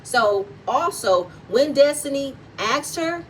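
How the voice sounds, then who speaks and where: A woman's voice: high-pitched, expressive, slow, a bit bright. Woman going off in her reality show recap, blunt and cussing, kinda far from the mic, a bit of noise behind. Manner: blunt, heated and profane. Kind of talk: opinionated commentary vlog.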